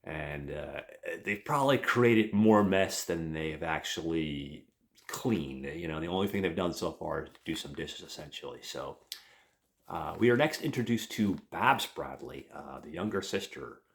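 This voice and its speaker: A man's voice: a bass voice, expressive, a little slow, creaky. A man, a podcast host, retelling a comic book plot in a rambling, casual way with lots of fillers and swearing. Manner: rambling, profane, many fillers.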